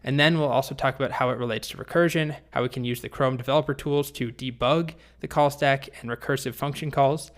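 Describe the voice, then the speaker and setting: A male programming instructor telling a story in a recorded course lesson. He talks in a loose, conversational way with small restarts. His pitch sits in a plain middle range. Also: steady tone, a little fast, few pauses.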